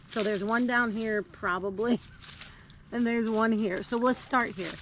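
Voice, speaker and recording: Female gardening vlogger, slightly high voice, chatty and giggly, recorded outdoors with steady background noise. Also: measured pace. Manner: chatty and easily delighted, laughs often. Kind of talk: casual chat while working.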